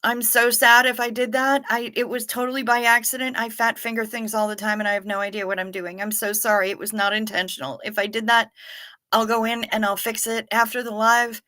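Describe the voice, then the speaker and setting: A woman's voice: on the high side, little pitch movement, a little fast, pushed and bright. A woman hosting a casual livestream, reading viewers' comments aloud and chatting back to them in a friendly, apologetic way. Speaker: livestream host reading chat.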